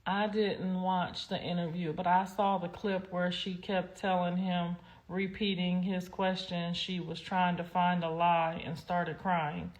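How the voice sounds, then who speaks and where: A young adult woman hosts a casual livestream, speaking straight to her viewers in a blunt, rambling, sassy way and swearing freely. Her voice is lowish and flat, a little slow, with few pauses.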